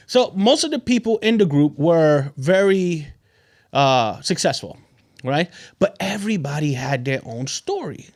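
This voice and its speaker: A man hosting a podcast, telling a motivational story in a loose, conversational way, often repeating himself and checking in with "right?". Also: measured pace. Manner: animated, swings in pitch and loudness. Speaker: podcast host.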